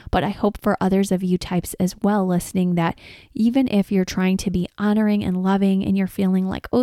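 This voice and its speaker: An earnest woman in her thirties talks through advice in a chatty, podcast-host way. Her voice is mellow and warm. The recording is dry and close. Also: mid-range voice, dry recording. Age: 30s. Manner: earnest, chatty, laughs while telling stories. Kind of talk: casual advice talk.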